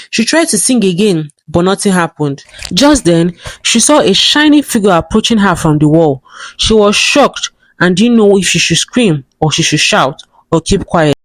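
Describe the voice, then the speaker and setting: A synthetic-sounding narrator reading a folktale in an even, steady storybook manner. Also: medium pitch, no echo.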